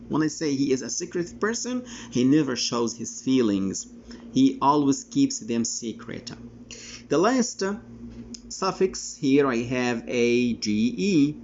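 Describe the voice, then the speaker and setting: Man teaching english vocab, slow and careful, spells out letters, kinda dull lo-fi sound w faint hiss. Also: fairly high pitch. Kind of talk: classroom vocabulary lesson.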